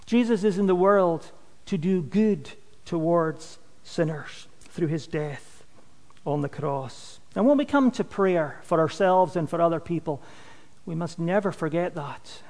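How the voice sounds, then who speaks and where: This man's voice sits on the high side, with a long reverb tail trailing behind it. He delivers an earnest, emphatic sermon, letting his voice fade at the close of phrases.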